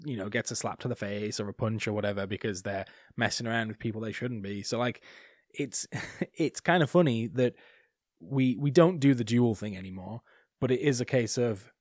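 A man's voice: fairly low pitch, normal speed, no room sound, studio quality. Easygoing man chatting. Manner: easygoing and conversational, with fillers and laughs. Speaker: podcast co-host. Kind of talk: casual chat.

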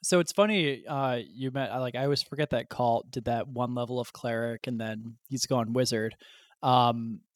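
A young man chatting casually about his tabletop game character and telling animated, casually profane stories. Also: medium pitch, moderate pace, dry recording. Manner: animated storyteller, swears casually. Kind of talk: casual podcast chat.

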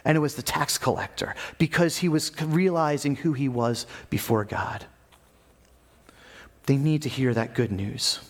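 A man preaching a sermon in a casual, energetic way, acting out little scenes as he goes. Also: medium pitch, a little slow.

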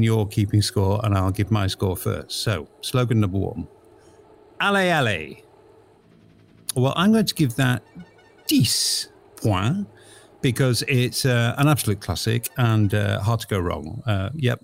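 A man hosting a podcast in casual chat, lively and jokey as he leads a scoring game. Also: on the low side, vocal fry. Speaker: podcast host.

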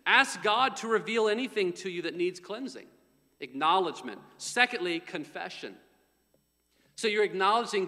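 A man preaching a sermon, emphatic and repetitive, dropping his voice low for quiet spoken prayers. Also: expressive, normal speed. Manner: emphatic preaching, repeats key phrases, drops quiet for acted prayers. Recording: long hall reverb.

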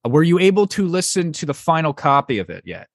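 A man's voice: a little high, big pitch swings, quick pace, no echo, clean studio sound. A young man hosting a podcast, chatting casually with loose, profane, joking banter. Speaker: podcast host.

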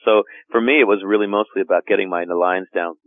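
Laid-back actor guest, man, very low voice, tinny dry recording. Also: fast, no room sound. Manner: relaxed, laughs often, says "man". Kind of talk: casual interview chat. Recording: tinny phone-like line.

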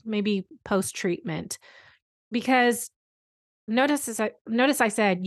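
A woman's voice: a little high, animated, normal speed. A woman in her thirties, a therapist hosting a podcast, talking in an earnest, candid way and telling a personal story with casual fillers. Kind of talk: conversational podcast monologue.

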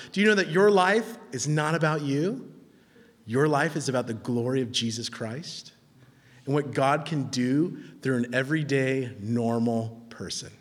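A man preaching a sermon, conversational and emphatic, who swings from low, quiet stretches to high, loud ones and chuckles at his own points. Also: big-room sound. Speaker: pastor.

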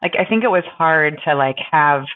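A woman co-hosting a podcast, speaking in a halting, thoughtful way with many pauses and fillers as she reflects. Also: low voice, lively intonation. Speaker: podcast co-host. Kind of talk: casual reflective conversation. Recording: tinny phone-like line.

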